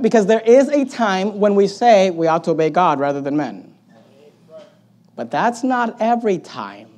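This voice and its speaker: High-voiced, fiery male pastor preaching. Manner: animated preaching with sharp swings between loud emphatic bursts and quiet asides; sarcastic, mocking quoted opponents in put-on voices. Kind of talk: sermon.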